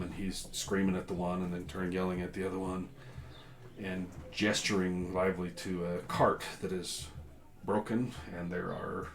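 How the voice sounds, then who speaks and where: A man narrating as game master in a relaxed, rambling way with many filler sounds. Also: sits low.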